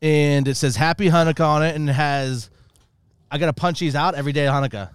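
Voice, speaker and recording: A man's voice: a little high, fast talker, smooth, no echo, clean studio sound. A man co-hosting a podcast, laughing and cursing as he chats with friends. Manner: laughing, swears, describes things. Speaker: podcast co-host. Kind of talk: casual podcast banter.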